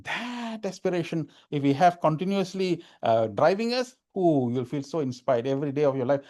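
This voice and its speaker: A man's voice: a little high, expressive, moderate pace, few pauses, dark tone. A man giving an informal spiritual talk, repeating phrases for emphasis. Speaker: spiritual speaker.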